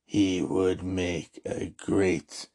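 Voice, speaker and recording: A man voicing a cold, commanding dark lord as a movie impression, slow and quietly menacing. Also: deep voice, little pitch movement, voice pushed down, full character voice.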